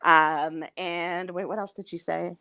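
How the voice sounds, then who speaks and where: A woman's voice: lowish voice, fairly even intonation, unhurried, vocal fry, pushed and bright, dry recording, clean studio sound. A woman in casual chat, telling a gossipy story with lots of laughter and acted-out quotes.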